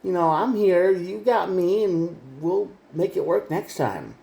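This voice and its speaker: A man's voice: sits high, animated, unhurried, vocal fry, warm tone, roomy sound, pitched above the performer's own voice, heavily acted, rough recording. A falsely soothing manipulator, as a man puts him on. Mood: fake comforting. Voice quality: sugary, placating.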